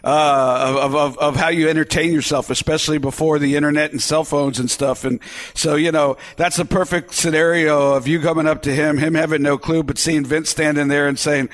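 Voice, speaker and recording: Chatty male podcast host, higher voice. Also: brisk, hardly any pauses. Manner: relaxed, chatty, asks follow-up questions. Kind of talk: casual interview chat.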